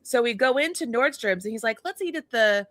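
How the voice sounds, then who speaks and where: A middle-aged woman co-hosting a casual chat show, telling a story in an animated way, acting out the dialogue and laughing often. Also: on the high side, brisk, dry recording. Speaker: co-host.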